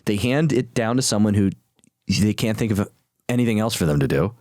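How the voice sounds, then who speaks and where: A man's voice: lowish voice, expressive, a little fast, darkish tone, no echo, clean studio sound. A man hosting a podcast, talking casually and joking, with slang like dude and bro. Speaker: podcast host.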